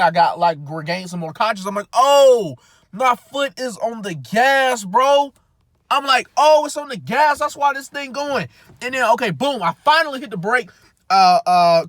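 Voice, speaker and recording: Bright, animated young man telling a story. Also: no echo. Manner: animated, jumps to high pitch acting out his own reactions; slangy, full of fillers like "boom" and "bro". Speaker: vlogger. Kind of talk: casual storytelling.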